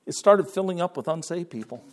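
A man's voice: a little high, animated, a little fast. A man preaching a sermon in a folksy way, repeating his words and quoting scripture in King James wording. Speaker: pastor.

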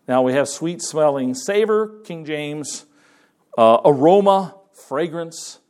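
A man's voice: a little high, a little mellow. A man preaching a conversational sermon to his congregation in church, with frequent restarts and fillers. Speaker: pastor.

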